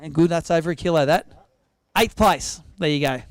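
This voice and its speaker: An Australian man hosting a fishing weigh-in, bantering in an energetic, teasing way. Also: on the high side, no room sound. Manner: energetic, teasing, quick-talking. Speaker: weigh-in host. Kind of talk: live tournament emcee banter. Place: outdoor weigh-in stage at a sailing club.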